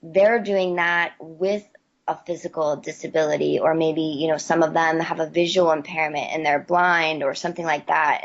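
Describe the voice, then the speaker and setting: A low-pitched woman from West Virginia speaks in a relaxed interview, stumbling and repeating words as she collects her thoughts. The audio sounds dull and lo-fi. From West Virginia, USA. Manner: hesitant, repeats words while thinking, laughs easily. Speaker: interview guest, athlete. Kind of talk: casual interview answers.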